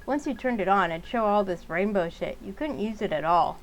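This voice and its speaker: A woman's voice: medium pitch, expressive, a little fast, slight background noise, rough recording. A woman playing a game, reading its text and rambling in casual, exasperated commentary. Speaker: game streamer. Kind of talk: casual let's-play commentary.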